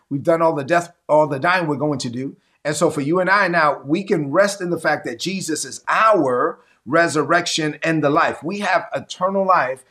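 A man's voice: a little high, fairly bright tone. A man preaching a sermon to an online audience, emphatic and repetitive, calling for responses. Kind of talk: livestreamed teaching to an online audience.

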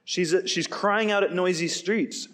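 A man preaching a sermon with lively energy. His voice sits a bit higher than usual, and he now and then slips into playful quoted voices. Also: measured pace. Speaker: pastor.

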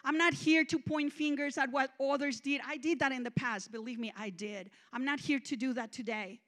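A woman minister with a high voice delivers a testimonial sermon. She is emphatic and confessional, swinging between loud declarations and hushed, tender moments. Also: steady tone, moderate pace. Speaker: guest minister.

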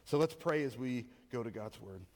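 A man preaching a sermon as pastor, telling a story in an animated, rambling way with many fillers. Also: medium pitch, normal speed. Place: church hall. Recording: long reverb of a church hall.

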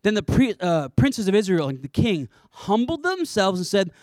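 A man preaching a sermon in an animated, conversational way, with playful asides. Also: high voice, normal speed, no echo, studio quality. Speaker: pastor.

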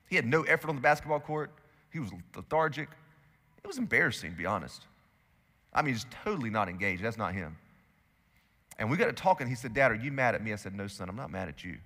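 A male pastor preaching a sermon, swinging between loud emphatic bursts and hushed, intimate stretches. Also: medium pitch, sing-song, brisk, long pauses, long reverb tail. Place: church hall.

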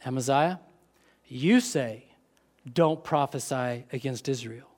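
A man preaching a sermon, expressive, dropping to soft, intent tones when he quotes scripture. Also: medium pitch, measured pace.

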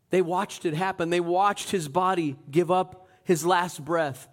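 Male pastor with a high voice, preaches in a lively, dramatic way and swings between loud and hushed. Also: measured pace, hardly any pauses. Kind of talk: sermon.

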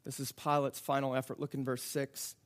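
A man preaching a sermon, reading scripture and explaining it in a slow, dramatic way that builds to emphatic outbursts. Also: mid-range voice, little pitch movement. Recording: long hall reverb.

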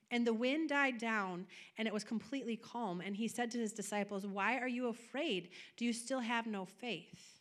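A woman preaching with bright, ringing energy. Her voice sits a little high. She builds to raised, emphatic peaks, then drops back to a soft, close tone. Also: lively intonation, moderate pace. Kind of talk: sermon.

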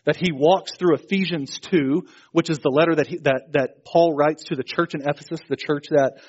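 Male pastor, high voice, lively storytelling sermon, lo-fi audio. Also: moderate pace, breathy edge. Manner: animated storytelling, acting out Bible characters' lines.

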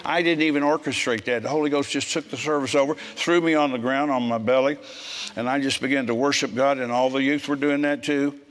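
A man in his seventies preaching a sermon, telling stories bluntly and growing forceful when he scolds. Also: medium pitch, steady tone, a little fast. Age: 70s. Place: church service with congregation.

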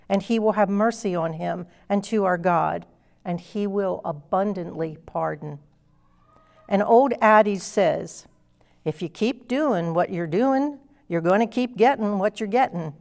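A woman delivering a sermon in an earnest, emphatic way. Her voice sits at a middle pitch, and she reads scripture aloud and walks through its meaning. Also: vocal fry, a little mellow. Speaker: preacher.

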